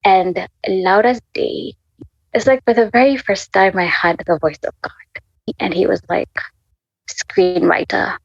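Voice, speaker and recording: Gravelly-voiced young Kenyan woman. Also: mid-range voice, a little slow, no room sound, muffled recording. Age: 20s. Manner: candid, conversational, full of fillers. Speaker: guest. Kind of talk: personal testimony in an interview.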